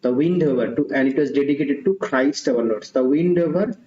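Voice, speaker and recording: A man's voice: medium pitch, fairly quick, mellow. A man teaching an online exam-prep literature class, repeating questions and options with Hindi asides. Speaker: English literature tutor. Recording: dull, roomy lo-fi sound.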